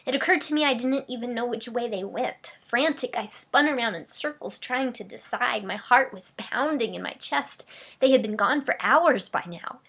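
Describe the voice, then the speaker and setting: A grieving, remorseful ancient mother, as a woman preacher puts her on in a dramatic sermon monologue. Her voice sits a little high. She moves from hushed whispers to raw cries. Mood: frantic.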